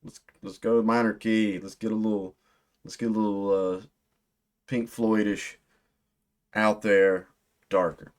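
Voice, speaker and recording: A man hosting a music reaction video, talking casually in a jokey, excitable way with sudden loud outbursts. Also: lowish voice, measured pace, long pauses. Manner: jokey, excitable, big swings in loudness.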